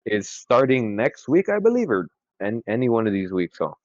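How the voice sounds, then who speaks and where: Animated young man on a dry, lo-fi mic. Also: fairly low pitch, moderate pace, dry recording. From California. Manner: excitable, swears a lot, laughs often. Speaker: podcast co-host. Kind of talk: casual chat. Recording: dry, dull lo-fi sound.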